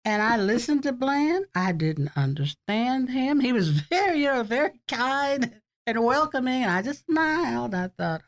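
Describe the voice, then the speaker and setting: An older woman speaking in a fairly high voice, reminiscing at length in an interview. She tells stories in a chatty way and often breaks into laughter. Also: very animated, unhurried, hardly any pauses. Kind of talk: oral history interview.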